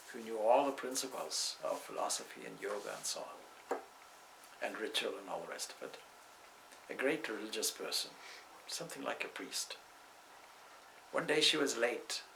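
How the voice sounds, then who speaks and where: A man's voice: mid-range voice, lively intonation, moderate pace, creaky, fairly bright tone, slight background noise, low-quality recording. A man, a swami, giving a spiritual talk indoors in a discursive way, weaving in stories and side remarks. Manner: discursive, with asides and restarts.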